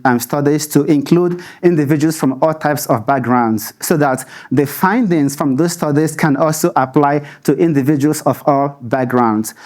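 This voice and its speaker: A man's voice: a little high, darkish tone. A man speaks at a public lecture. He answers questions thoughtfully and often restarts a word. He laughs easily between points. He is in a hall under stage lights. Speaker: researcher answering audience questions.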